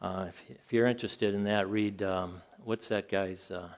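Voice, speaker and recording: An older man giving an informal sermon to a Bible class, telling stories animatedly, rising in pitch when incredulous and dropping low and quiet for asides. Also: steady tone, moderate pace.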